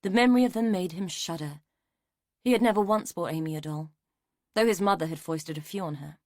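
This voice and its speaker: A woman reads a mystery audiobook in a measured, even storytelling style, performing scripted narration. Her voice is on the low side, and the clean studio recording has no echo.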